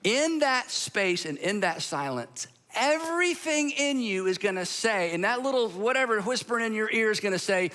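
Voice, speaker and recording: A male pastor in his sixties delivering a sermon with emphatic pauses, leading the congregation to repeat phrases aloud. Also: high voice. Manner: animated, emphatic, pauses for effect; leads the congregation in call-and-response practice.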